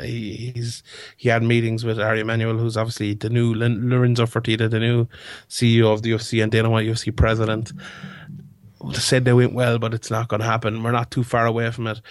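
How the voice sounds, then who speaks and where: A man's voice: medium pitch, no room sound, clean studio sound. A young man hosting a casual sports podcast, rambling with lots of fillers and restarts. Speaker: podcast host.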